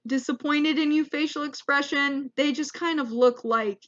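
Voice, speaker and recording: A woman's voice: high-pitched, normal speed, fairly bright tone, dull audio. A young woman, a comedian, telling a rambling, self-deprecating travel story as a vlog monologue. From United States. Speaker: comedian vlogger.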